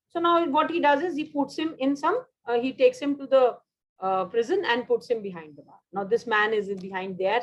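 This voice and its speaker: In a medium-pitched voice with the highs cut off, a woman with an Indian English accent drills synonyms in a vocabulary lesson. She gives quick praise and slips into Hindi partway through sentences.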